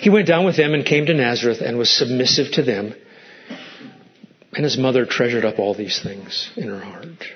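A man's voice: medium pitch, moderate pace, lo-fi sound. A male pastor preaching a sermon, asking the congregation pointed rhetorical questions and acting out quoted lines in a raised voice.

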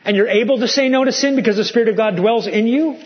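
A male pastor preaching a sermon with animated delivery, swinging from loud to hushed. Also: very high voice, fast talker. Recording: muffled lo-fi sermon recording.

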